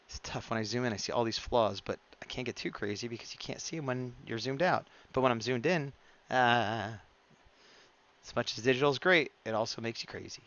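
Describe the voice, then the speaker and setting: A man's voice: medium pitch, gravelly, fairly bright tone, highs cut off. A man streaming live as he draws, chatting casually and muttering to himself as he works. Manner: chatty, mumbles to himself, reads chat aloud. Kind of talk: casual live-stream chat while drawing.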